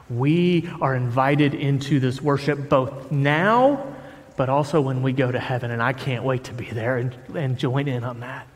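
A man's voice: mid-range voice, in a large hall. A man preaching a sermon as pastor, reading scripture with rising force and then talking plainly to the congregation in a church sanctuary.

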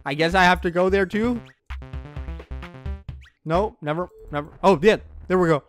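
A man with a somewhat high voice narrates a game as he plays it, talking into a headset. He is excitable and chatty, thinks out loud, and laughs often. Soft music plays faintly underneath. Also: normal speed. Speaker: let's play gamer. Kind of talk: let's play commentary.

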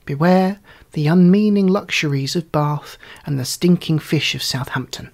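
A man's voice: a little high, moderate pace, natural voice. A man reading a worldly young woman's stern warnings. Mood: admonishing.

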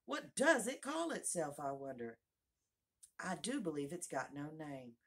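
A woman's voice: deep voice, very animated, unhurried, husky, heavily acted. A woman playing Alice, a rambling curious girl. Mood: musing. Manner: rambling, musing aloud to herself. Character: curious chattering young girl.

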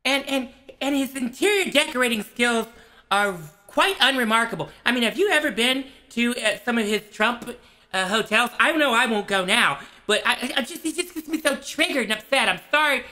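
Man doing a shrill whiny ranting TV host. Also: lively intonation, moderate pace, sharp tone, full character voice. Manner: ranting, stammering, flustered. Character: whiny, hot-tempered male parody TV host. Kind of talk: comedic parody monologue.

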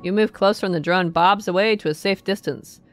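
A woman's voice: medium pitch, a little fast, no echo. A woman streamer playing a story game, reading the narration aloud and musing casually to herself.

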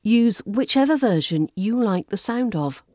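RP English woman, podcast accent coach, mellow and measured, dry close mic. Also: a little high, expressive, no echo. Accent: Southern English RP. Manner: clear, measured teaching delivery. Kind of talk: scripted podcast lesson.

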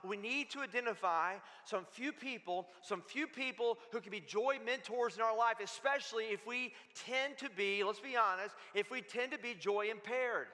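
A man's voice: sits high, normal speed, few pauses, sharp tone. A man pastor preaching a sermon in an emphatic, conversational way, repeating his phrases. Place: church sanctuary. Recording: long church-hall reverb.

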